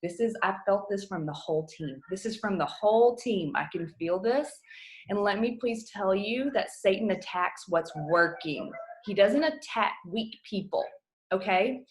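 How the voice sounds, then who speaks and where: A woman's voice: mid-range voice, unhurried. A woman in her thirties coaching her team from home over a video call, earnest and emotional, choking up at times, talking casually with lots of fillers. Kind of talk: motivational talk on a video call.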